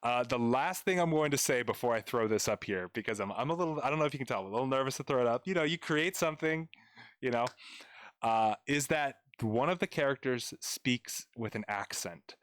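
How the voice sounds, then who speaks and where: A man's voice: medium pitch, animated, brisk, a bit bright, no echo. Casting: young man, tutor on live stream, chatty and playful, dry close mic. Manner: chatty, playful, addresses chat viewers directly. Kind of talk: live-streamed grammar lesson.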